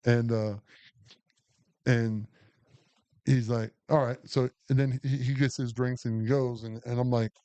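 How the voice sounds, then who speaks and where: A man's voice: mid-range voice, flat delivery, a little slow, pauses often, mellow. A man, co-hosting a podcast and telling a long, profane, rambling story full of restarts. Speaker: podcast co-host. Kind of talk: casual storytelling chat.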